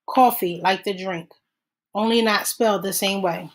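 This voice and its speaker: Woman narrator, measured steady audiobook reading. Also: medium pitch, rough recording. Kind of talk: audiobook read-aloud.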